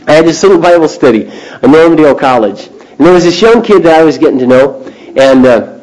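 A man's voice: fairly high pitch, fairly quick, poor audio. A man preaching a sermon to a live group of young adults, telling a story and throwing questions to the audience. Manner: animated storyteller who asks the audience questions.

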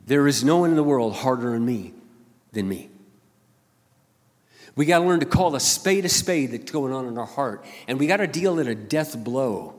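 An older man preaching a sermon as a pastor, swinging between loud emphatic bursts and quiet intimate asides. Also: fairly high pitch, animated, moderate pace. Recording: long hall reverb.

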